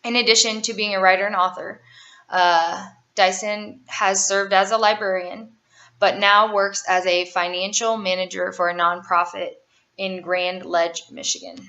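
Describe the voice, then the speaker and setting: A woman's voice: medium pitch, steady tone, moderate pace, pushed and bright, muffled recording. A young woman giving a class presentation on an author, then reading a children's picture book aloud in a casual, filler-heavy way. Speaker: student presenter.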